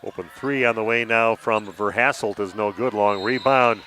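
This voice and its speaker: A man with a lowish voice calls a high school basketball game play by play. He is brisk and steady and drops in the odd "uh". Faint gym noise sits behind him. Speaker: play-by-play announcer. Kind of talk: live basketball commentary.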